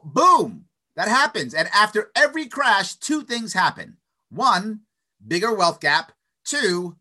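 A man holds forth as an interview guest. He argues eagerly, stumbling into restarts and checking in with quick "right?" tags. His voice sits high and bright, and it swings widely in pitch. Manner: animated, stutters restarts, frequent "right?" tags. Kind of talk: opinionated conversational monologue.

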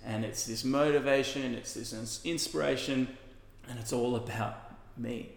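A man's voice: medium pitch, fairly even intonation, a little slow, gravelly. A male pastor preaching a sermon in an earnest, conversational way with casual asides. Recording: echoey hall with long reverb.

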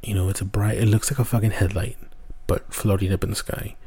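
Male podcast host, low, dark husky voice, rambling casual storyteller who swears. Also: level tone, brisk. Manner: rambling, swears often, restarts a lot.

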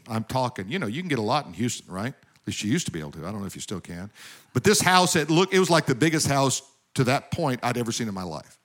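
A male preacher delivers a sermon in a mid-range voice. He tells stories and drives points home loudly. Then he drops into quiet, wry asides. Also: mid-range voice. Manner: storytelling with swings between loud emphasis and quiet asides. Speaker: pastor.

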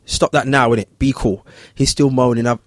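A man's voice: a little fast, no room sound, studio quality. A man, a barber telling a story in casual chat and acting out the voices of the people in it. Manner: animated, acts out voices in high pitch.

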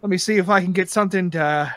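A man's voice: sits high, fast, fairly bright tone. A man voicing a drunk, boastful, rich male gang leader with a tail, in an Irish accent. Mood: gloating. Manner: gloating, laughing between lines.

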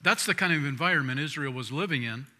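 A man preaching a sermon as pastor. He talks in a conversational way, restarting and repeating words, and swings between loud emphatic lines and quiet asides. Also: on the high side, fast. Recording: long hall reverb.

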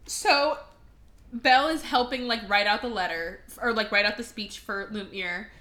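A woman's voice: medium pitch, moderate pace, bright, forceful tone. A woman co-hosting a podcast, casually retelling a movie with put-on character voices, swearing and laughing. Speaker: podcast co-host. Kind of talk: casual movie review chat.

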